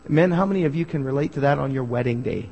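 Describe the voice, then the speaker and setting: Husky preacher in an echoing hall. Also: male voice, medium pitch, fast, muffled recording. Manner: animated, addresses the congregation with questions. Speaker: pastor. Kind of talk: sermon. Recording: hall reverb.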